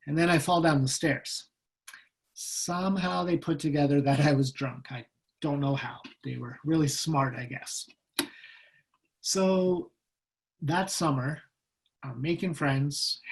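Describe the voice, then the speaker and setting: A middle-aged man with a slightly raised pitch tells a personal story to an online audience. He speaks in an animated way and slips into the voices of the people he quotes. The sound comes through a video call. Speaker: guest speaker.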